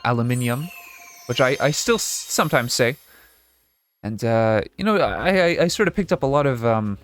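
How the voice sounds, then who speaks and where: A young man from Canada with a mild Canadian accent, casually rambling and self-correcting as he comments on a game he is playing. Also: medium pitch. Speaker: gaming video host. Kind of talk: casual let's-play commentary.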